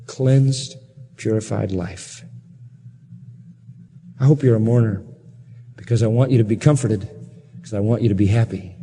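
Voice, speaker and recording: A male preacher delivers an impassioned sermon, driving home point after point with pointed questions. His voice is dark and mellow, and it rings out with a long reverb from a large church hall. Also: medium pitch, slight background noise. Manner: impassioned, full of rhetorical questions.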